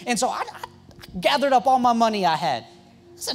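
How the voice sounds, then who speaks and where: Man, young adult, youth pastor, storytelling sermon, very high-pitched, joking asides. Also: faint music behind. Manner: excitable and joking, with quick asides and restarts.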